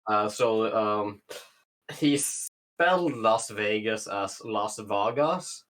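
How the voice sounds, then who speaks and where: Casting note: lower-voiced guy, crude and meandering, plenty of ums and swearing. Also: fairly bright tone. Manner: crude, halting, many fillers and swearing. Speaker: co-host. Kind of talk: casual commentary stream.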